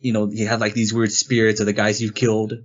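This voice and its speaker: With the highs cut off, this lowish male voice comes through fast. A game review podcast co-host in a casual setting, he rambles excitedly through the story and dramatizes the characters' quoted lines.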